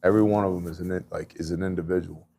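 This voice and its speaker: A man's voice: deep voice, fairly even intonation, fast, gravelly, warm tone. A middle-aged man in casual faith talk, telling relief-work stories in an earnest, conversational way with many asides. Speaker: podcast host and disaster relief volunteer.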